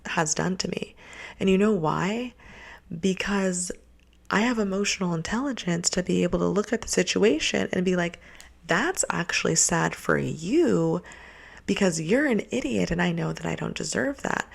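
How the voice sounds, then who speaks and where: Young female host, low gravelly voice, blunt and profane, casual advice rant. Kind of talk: casual relationship-advice monologue.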